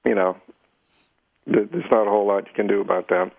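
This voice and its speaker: A man's voice: lowish voice, steady tone, creaky, no echo. Boston-accented man on a dull line. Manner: halting, soft-spoken with fillers. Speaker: guest musician. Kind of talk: radio phone interview.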